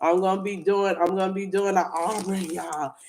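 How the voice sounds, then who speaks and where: A woman's voice: medium pitch, fairly even intonation, normal speed, a little mellow. A woman hosting a livestream, talking candidly and earnestly to viewers, with frequent restarts. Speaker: livestream host. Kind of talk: casual livestream chat.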